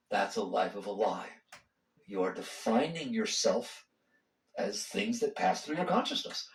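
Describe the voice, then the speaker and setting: A man's voice: on the high side, recorded from a distance. A man giving a spiritual talk to a live audience, speaking conversationally and putting pointed questions to the listeners. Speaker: spiritual teacher. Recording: roomy hall sound, voice from off the mic.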